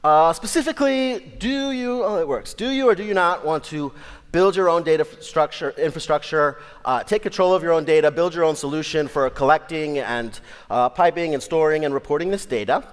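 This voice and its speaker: A man's voice: fairly high pitch, brisk, smooth. Upbeat man speaking in a large hall. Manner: upbeat, joking, with frequent ums. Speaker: conference speaker. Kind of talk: tech conference talk. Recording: hall reverb.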